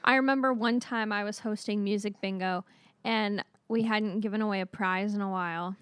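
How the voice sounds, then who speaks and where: A woman co-hosting a podcast in casual chat, telling anecdotes and reacting with quick interjections. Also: mid-range voice, fairly even intonation, fairly bright tone, smooth, no room sound. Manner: storytelling, laughing, reacts with short interjections. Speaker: podcast co-host.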